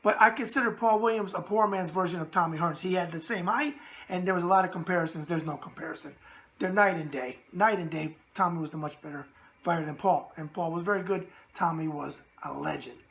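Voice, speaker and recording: A man with a New York accent and a raspy voice, hosting a boxing mailbag show in a brash, streetwise manner full of catchphrases. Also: high-pitched, fast, a bit bright. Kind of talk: casual boxing mailbag talk.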